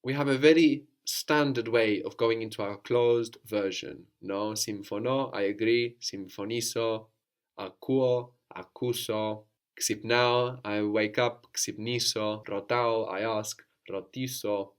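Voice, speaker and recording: A man with a fairly low voice teaches a language, unhurried and patient. He prompts his student with questions and checks understanding with a quick "no?". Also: fairly even intonation, clean tone. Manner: patient, questioning, often tags "no?". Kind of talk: guided language lesson.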